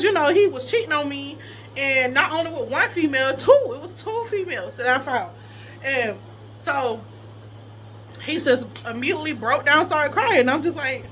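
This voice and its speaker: A young woman telling a personal story to her viewers in a casual, animated way, often laughing and quoting people. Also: sits high, a little hiss or hum.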